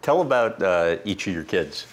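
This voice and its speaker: Deep, husky male interviewer. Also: very animated, moderate pace. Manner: brief, prompting questions. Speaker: interviewer, host. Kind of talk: interview questions.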